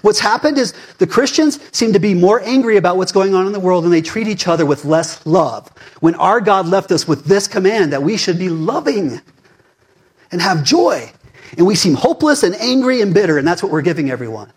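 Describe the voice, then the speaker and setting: A male pastor in his forties preaching a sermon in a fired-up, conversational way, swinging between loud emphasis and hushed asides. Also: high voice, lively intonation, a little fast, husky.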